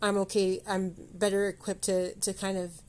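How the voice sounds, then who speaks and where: A woman's voice: medium pitch, little pitch movement, moderate pace. Woman podcast host, motivational solo talk, rambling, self-correcting, talks to the listener directly.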